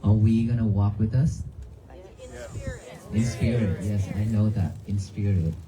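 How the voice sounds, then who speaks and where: A monk giving a calm, repetitive dharma talk outdoors at a cemetery, often asking the crowd questions. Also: male voice, lowish voice, a little slow, music in the background. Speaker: Buddhist monk. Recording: noisy outdoor livestream.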